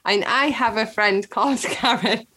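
A woman co-hosting a podcast in casual chat, blunt and quick to swear, reading out stories and laughing between lines. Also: fairly high pitch, pushed and bright, breathy edge, low-quality recording. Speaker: podcast co-host.

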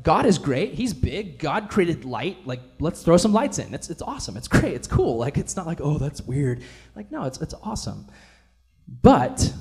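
A man's voice: fairly high pitch, a little mellow. A man preaching a casual, enthusiastic sermon in a church, often saying "like" as he talks. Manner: casual, enthusiastic, many fillers like "like". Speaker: pastor.

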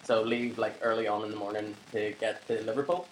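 Speaking a little fast in a low, level voice, a young co-host spins a meandering story during casual podcast talk, full of swearing and laughter. The roomy recording from his flat carries faint ambience plus a little hiss or hum.

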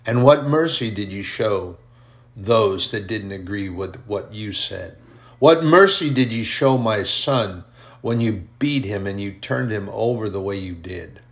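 A man voicing a booming, stern God on his throne. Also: animated, measured pace. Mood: stern, accusing. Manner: accusing, rhetorical questions.

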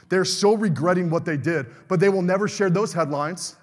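A man's voice: high voice, brisk, hardly any pauses, long reverb tail. A middle-aged male pastor preaching a fervent sermon, calling out to the congregation for amens.

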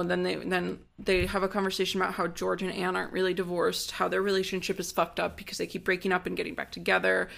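Gravelly-voiced woman recapping an episode. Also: lowish voice, fairly bright tone. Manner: quick, sardonic retelling. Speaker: podcast co-host.

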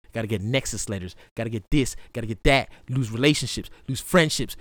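Lively, bright-voiced young man venting. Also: medium pitch, no room sound, clean studio sound. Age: young adult. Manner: profane, swinging from hushed to loud outbursts. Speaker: podcast host. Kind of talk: raw solo podcast monologue.

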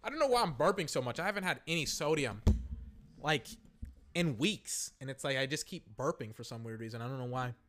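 A man giving casual live reaction commentary while watching a football game, rambling and calling plays excitably as they happen. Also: mid-range voice, fairly quick.

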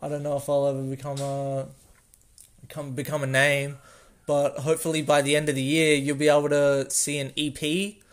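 A man's voice: on the high side, monotone, normal speed. A young Australian man hosting a casual solo podcast, rambling, losing his train of thought and correcting himself with small laughs. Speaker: podcast host.

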